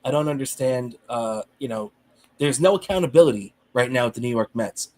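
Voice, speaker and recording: A man co-hosting a sports podcast, ranting in heated, animated casual talk and swearing freely. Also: medium pitch, brisk. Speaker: podcast co-host.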